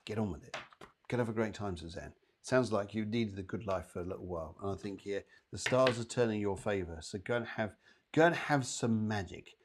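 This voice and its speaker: A man's voice: lowish voice, a little fast, slight background noise. A man hosting a live psychic show and giving readings, chatty and upbeat, addressing viewers by name. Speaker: psychic medium and show host.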